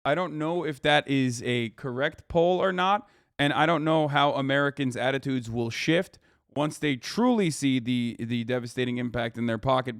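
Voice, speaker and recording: A man's voice: medium pitch, normal speed, no room sound, clean studio sound. A man in his thirties doing casual live-stream reaction commentary, sarcastic and rambling, swearing often and filling his talk with "uh" and "like".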